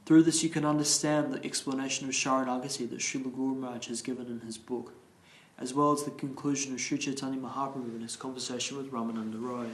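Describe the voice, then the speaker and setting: A man leading a morning class, reading scripture aloud slowly and carefully and explaining it, restarting some verse words. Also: medium pitch, level tone. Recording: roomy echo.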